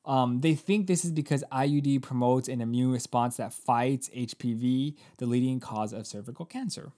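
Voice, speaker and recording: A man's voice: medium pitch, normal speed. A man in his thirties, a podcast co-host, ranting in casual chat and swearing often. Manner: emphatic, swears often, animated rants. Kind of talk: casual chat with profanity-laden rants.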